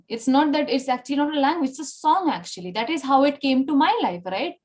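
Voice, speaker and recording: A woman teaching a Spanish language class online, explaining patiently and checking in with "okay?" and "right?" after nearly every sentence. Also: high-pitched. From India.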